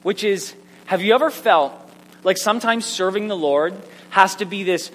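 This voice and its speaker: A man preaching a sermon, telling personal stories in an animated, self-mocking way. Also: sits high, moderate pace. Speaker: pastor. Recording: echoey hall with faint hum.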